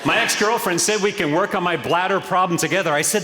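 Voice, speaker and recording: A man delivering deadpan, pun-driven one-liners on a theatre stage. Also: sits high, fast talker. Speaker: stand-up comedian. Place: large theatre stage before an audience. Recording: roomy live hall with loud noise.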